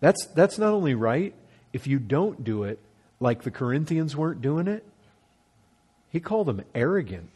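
A man delivers an earnest sermon as a pastor, repeating phrases and climbing in pitch to stress each point. His voice has a husky edge. The melody is animated, rising and falling widely as he preaches. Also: moderate pace, pauses often.

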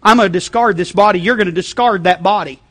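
A male pastor preaching a sermon in a conversational way, checking in with the congregation and shifting between loud emphasis and quiet asides. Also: sits high, quick pace. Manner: conversational, repeating check-ins, frequent restarts.

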